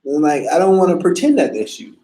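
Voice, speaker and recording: A man in a casual monologue, talking in a slangy, profane, animated way. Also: fairly high pitch, fast talker.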